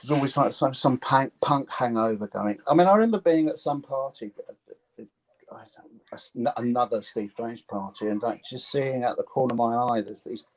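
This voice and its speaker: A man, telling stories in a casual interview. He stops and restarts often and slips in dry, sarcastic jokes. His voice sits at an ordinary middle pitch. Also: a little fast, rough recording. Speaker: guest musician.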